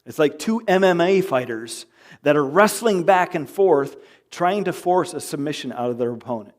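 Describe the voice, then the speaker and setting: Male pastor, higher-than-average voice, lively and playful church sermon with acted-out quotes. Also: normal speed. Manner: animated, jokey, acts out quoted arguments. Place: church sanctuary.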